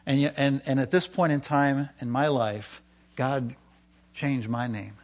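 A middle-aged man preaching through his own testimony, with the easy rhythm of storytelling. He gets louder and brighter when excited, then drops to near-whispers for quoted asides. The pitch sits in a middling range. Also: a little slow. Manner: animated storytelling, rising loud when excited, dropping low for quoted asides. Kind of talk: sermon with personal testimony.

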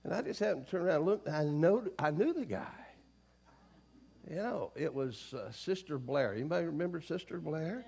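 A middle-aged pastor preaches in a church sanctuary, his voice a touch higher than most men's, animated, fairly quick, creaky, with a breathy edge. He tells stories in a low, confiding tone, then climbs and pushes hard on his main points, swinging from soft to loud. He calls out to the congregation for call-and-response.

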